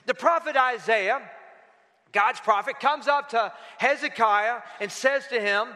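A preacher with a high, bright voice delivers an emphatic sermon, throwing questions out to his congregation. The sound carries a long reverb from the church hall. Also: measured pace. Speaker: pastor. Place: church sanctuary.

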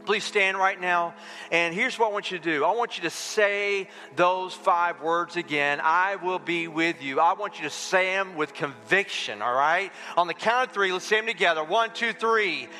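High, bright-voiced pastor preaching in reverb. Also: male voice, normal speed. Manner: emphatic, repetitive, leads the congregation in repeating phrases. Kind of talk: sermon with call and response, then prayer. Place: church sanctuary. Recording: long church reverb, faint music.

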